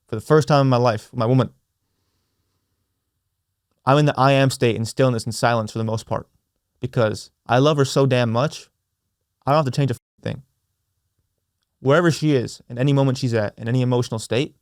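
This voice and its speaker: A young man hosts his own podcast, talking in an earnest, reflective way. He circles back and repeats his key phrases with slow emphasis. His voice sits at an ordinary middle pitch, recorded close and dry with no room sound. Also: a little mellow, no echo. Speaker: podcast host. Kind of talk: reflective solo podcast talk.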